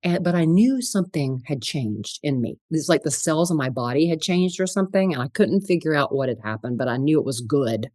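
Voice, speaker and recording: A middle-aged woman, a spiritual psychologist, telling her story in an interview with animated, laughing delivery. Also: low voice, a little fast, few pauses, dry recording, studio quality.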